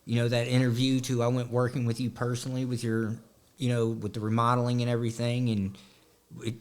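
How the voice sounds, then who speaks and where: A man's voice: mid-range voice, completely flat delivery, fairly quick, a little mellow. A man from southwest Ohio with a slight country drawl, chatting easily as a podcast guest with lots of fillers. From Southwest Ohio, USA. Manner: easygoing, conversational, many fillers. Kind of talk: casual podcast interview.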